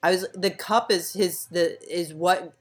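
A young woman co-hosting a casual podcast chat, rambling with lots of fillers and trailing off softly. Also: lowish voice, fairly even intonation, unhurried. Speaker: podcast co-host.

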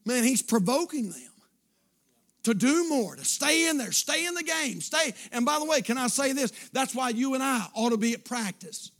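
A man preaching a fervent sermon as pastor, repeating phrases and building to shouts. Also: very high voice, animated, moderate pace.

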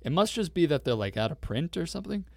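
A man's voice: on the high side, very animated, quick pace, gravelly, darkish tone, no echo, studio quality. Rambling young man on a podcast. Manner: rambling, swears casually, laughs often. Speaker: podcast co-host. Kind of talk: casual chat.

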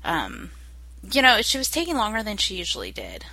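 A young adult woman in casual chat, talking slowly and hesitantly with many fillers. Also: medium pitch, wildly swooping pitch, creaky, bright, forceful tone, dry recording, rough recording. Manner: slow, hesitant, lots of fillers.

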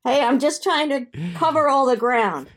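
An older woman chatting as co-host with her son, animated, giggly and emphatic. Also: high voice, moderate pace. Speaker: co-host, the host's mother. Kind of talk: casual chat.

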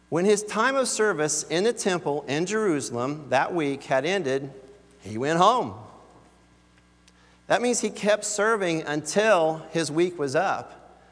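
A man's voice: fairly high pitch, lively intonation, takes it slowly, long reverb tail. A man preaching a sermon as pastor, talking in a conversational way and putting scripture into everyday words.

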